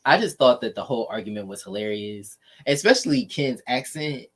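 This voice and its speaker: A man's voice: mid-range voice, brisk. A man co-hosting a casual reaction video, laughing often and acting out what people said. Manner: animated, laughs often, acts out quotes. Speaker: reaction channel co-host.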